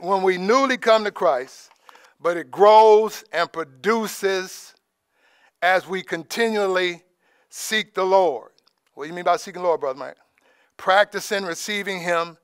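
A man giving an informal, conversational sermon as preacher, dropping in praise asides and trailing off softly. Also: high voice, smooth, no echo, clean studio sound. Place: church in Alaska.

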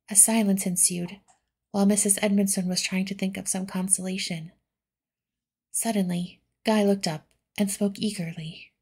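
A woman reading a classic novel aloud in a soft-spoken ASMR style. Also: medium pitch, fairly even intonation, normal speed. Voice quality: soft, breathy. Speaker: audiobook reader.

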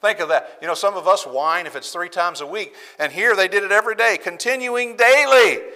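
A man's voice: high-pitched, a little fast, bright, forceful tone. A man preaching a sermon in a church, emphatic and repeating phrases for stress. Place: church sanctuary. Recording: church hall reverb.

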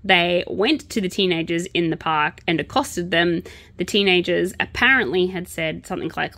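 A woman's voice: lowish voice, moderate pace, bright, forceful tone, no echo. A woman vlogger chatting casually and sarcastically about true crime while she crochets.

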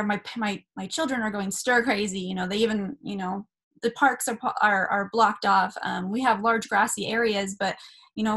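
A woman's voice: mid-range voice, fairly bright tone, husky. A woman in her thirties from Southern California, talking casually and earnestly about spiritual ideas to her camera, with many fillers and restarts. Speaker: spiritual vlogger.

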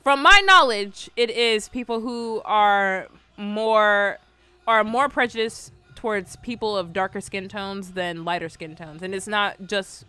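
A woman's voice: mid-range voice, measured pace, pushed and bright, clear, resonant tone. A woman host chatting casually as she reacts to memes, rambling in slang and laughing often. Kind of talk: casual meme-reaction chat.

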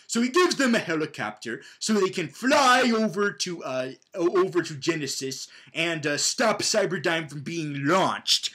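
A man's voice: fairly high pitch, big pitch swings, normal speed, hardly any pauses, sharp tone. A young man giving a casual, comedic movie recap, rambling with many fillers and stammered restarts.

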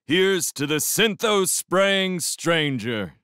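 A man's voice: medium pitch, expressive, moderate pace, fairly bright tone, smooth, no room sound, clean studio sound, natural voice. A man voicing a good-humored older horseman who toasts with mock formality. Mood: jovial.

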